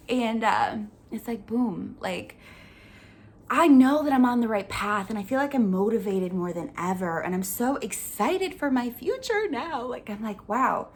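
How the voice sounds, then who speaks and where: A young woman hosting a vlog, talking in a casual, earnest way with lots of filler words and an upbeat, animated delivery. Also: mid-range voice, a little slow. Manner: chatty, earnest, full of "like" fillers. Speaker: vlog host. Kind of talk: casual life-update chat.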